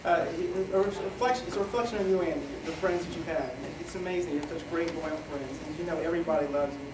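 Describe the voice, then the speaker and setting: A middle-aged man giving a rambling, joking wedding toast, halting often with fillers as he loses his thread. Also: fairly high pitch, noisy background. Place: wedding reception hall. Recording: echoey hall from far off, crowd chatter.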